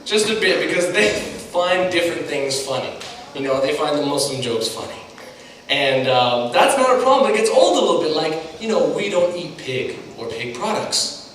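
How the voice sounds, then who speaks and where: A young man doing a stand-up comedy set, chatty and animated, talking straight to the crowd. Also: fairly high pitch, normal speed, slight background noise. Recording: echoey hall from a distant mic.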